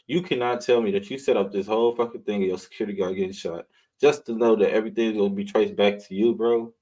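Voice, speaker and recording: A man's voice: lowish voice, fairly even intonation, quick pace, dark tone, poor audio. A man hosting a live online show, riffing in blunt, mocking casual commentary and swearing freely.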